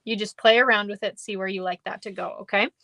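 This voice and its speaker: A woman's voice: medium pitch, steady tone, fast, pushed and bright, no room sound. A woman running a live card-making tutorial, chatty and upbeat, thanking viewers by name as she works. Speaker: papercraft demonstrator. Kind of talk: live-stream craft tutorial.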